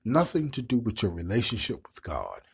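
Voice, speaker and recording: A middle-aged online show host gives impassioned, preachy live-stream commentary, repeating words as he builds his points. His lowish voice is gravelly with a breathy edge, swings hugely in pitch, and runs a little fast.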